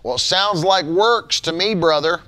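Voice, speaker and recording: A man's voice: high voice, normal speed, sharp tone. A man putting on the voice of a smug adult man who scolds others, drawling and condescending and calling them brother. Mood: mocking. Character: smug grown man preaching grace only.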